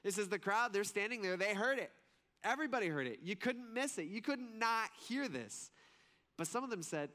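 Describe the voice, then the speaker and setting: A man's voice: fairly high pitch, lively intonation, a little fast, bright, forceful tone. A man preaching a sermon in a loose, conversational way, asking his listeners questions and restarting his sentences. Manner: conversational, questioning the audience, frequent fillers and restarts. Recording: long hall reverb.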